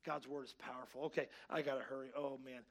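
A man pastor preaching a sermon, swinging between loud, excited preaching and quiet asides to his church, wearing a clip-on mic. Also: medium pitch, fast talker, creaky. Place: church sanctuary. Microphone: clip-on mic that keeps slipping.

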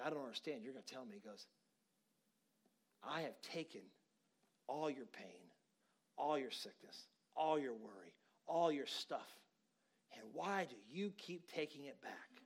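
A man's voice: mid-range voice, husky. A man preaching a sermon, telling a story conversationally and building to emphatic encouragement. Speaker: pastor.

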